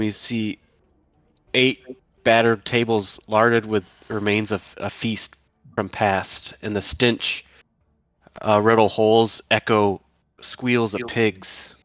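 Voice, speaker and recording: A man's voice: fairly low pitch, fairly bright tone, no room sound, highs cut off. A man narrating a tabletop game as dungeon master, hesitant with many fillers.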